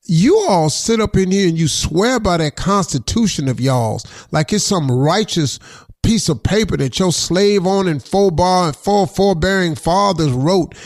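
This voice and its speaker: A middle-aged radio host delivers a heated, preachy rant, circling back on his points and dropping "man" between lines. His voice sits fairly high and has a gravelly edge. The sound is dry and close, with no room around it. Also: no room sound. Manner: preachy, heated, repeats himself, says "man" often. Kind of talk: impassioned on-air rant.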